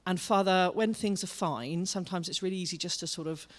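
A man leading an earnest, halting spoken prayer in church. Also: high-pitched. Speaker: congregation member leading prayer.

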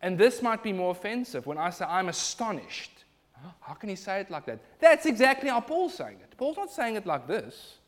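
A man's voice: high-pitched, very animated, fairly quick, few pauses. A man preaching a sermon, emphatic and building in intensity.

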